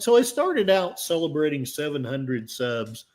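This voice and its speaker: A man's voice: on the high side, very animated, measured pace, few pauses, a little mellow. A man hosting a casual livestream, rambling and self-deprecating as he reads the chat and talks to his pets. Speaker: livestream host. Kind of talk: casual live-stream chat.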